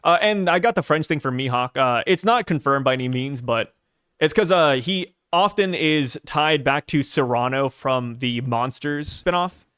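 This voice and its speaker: A man's voice: medium pitch, normal speed, a bit bright, clear, resonant tone, no echo, studio quality. A man hosting a casual podcast discussion, laid-back and jokey, poking fun at himself. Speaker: anime podcast host. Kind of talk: casual chat.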